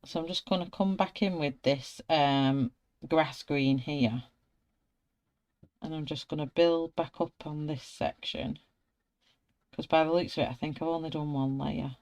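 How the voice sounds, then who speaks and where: A woman's voice: low voice, a little slow, a little mellow, highs cut off. A woman from Wigan with a broad Wigan accent, hosting a live colouring tutorial, chatting with viewers as she works. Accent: Wigan, Lancashire. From Wigan, England. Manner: chatty, laughs often, greets viewers by name. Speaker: art tutorial host.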